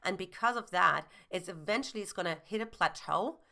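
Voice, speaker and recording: A woman's voice: lowish voice, expressive, fairly quick, gravelly, pushed and bright. A woman giving relationship advice as a dating coach, earnest and explanatory, with frequent "you know" fillers.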